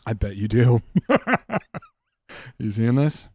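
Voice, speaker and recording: Slow and mellow, with a lowish voice, a young co-host of a casual comedy podcast delivers a mock-conspiratorial story packed with swearing and put-on voices. The clean studio recording has no room sound.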